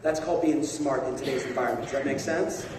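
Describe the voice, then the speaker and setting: A man coaching a room of salespeople, talking energetically and quickly and prodding the crowd to answer. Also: mid-range voice, a little hiss or hum. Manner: energetic, rapid, coaxing the audience. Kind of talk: motivational seminar talk. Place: large conference hall. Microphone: far from a phone camera in the audience. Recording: echoey hall recorded from far off.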